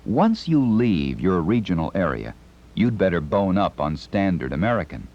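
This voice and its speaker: A middle-aged man giving scripted instructional narration, with a crisp, carefully enunciated announcer delivery. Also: sits low. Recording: dull lo-fi 1970s tape recording.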